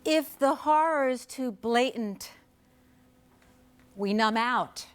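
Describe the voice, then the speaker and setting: A woman poet introducing her poems on stage in an earnest, measured way with deliberate pauses. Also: a little high, clean tone. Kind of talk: spoken introduction at a poetry performance. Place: live performance on stage.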